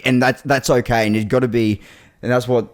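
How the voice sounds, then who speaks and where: A man's voice: medium pitch, little pitch movement, brisk. A man co-hosting a casual podcast, rambling with fillers and swearing. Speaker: podcast co-host. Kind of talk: casual chat.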